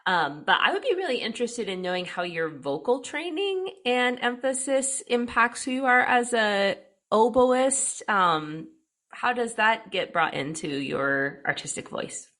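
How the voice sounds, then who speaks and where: A woman's voice: fairly high pitch, lively intonation, a little slow, fairly bright tone. A woman co-hosting a music podcast, asking a guest a question carefully, with hesitant fillers. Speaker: podcast co-host. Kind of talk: interview questions.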